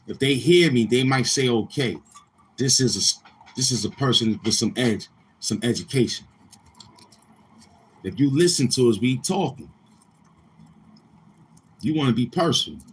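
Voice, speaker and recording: A man with a medium-pitched, slightly rough voice hosts a livestream, chatting casually with his viewers while bragging, being crude and repeating himself.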